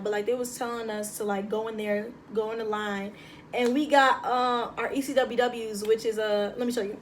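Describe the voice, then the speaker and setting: A young woman, telling a lively story to her phone camera in a casual vlog. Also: a little high, slight background noise. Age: young adult. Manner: chatty, animated, slangy. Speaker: vlogger. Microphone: phone propped on a table.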